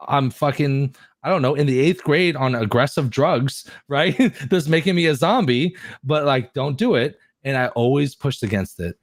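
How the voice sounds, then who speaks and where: A man in his forties, a podcast guest, chatting in an excitable, effusive way and swearing freely. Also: mid-range voice, dry recording, clean studio sound. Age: 40s. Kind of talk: casual chat.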